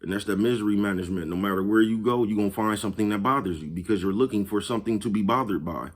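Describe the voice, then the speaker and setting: A man's voice: fairly low pitch, rapid-fire. A man hosting his own vlog, talking casually and profanely, chuckling often and repeatedly asking whether you follow him. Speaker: vlog host. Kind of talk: casual motivational monologue.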